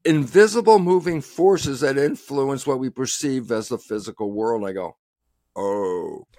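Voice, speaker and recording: A man's voice: mid-range voice, moderate pace, no room sound. Emphatic man, dry close sound. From United States. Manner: animated, emphatic, quotes himself often. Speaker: guest scientist. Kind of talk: passionate interview talk.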